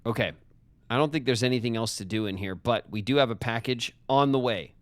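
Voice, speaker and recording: A man's voice: mid-range voice, a little fast, dry recording. A man streaming a puzzle game live, talking casually and rambling with restarts, joking with his chat as he plays.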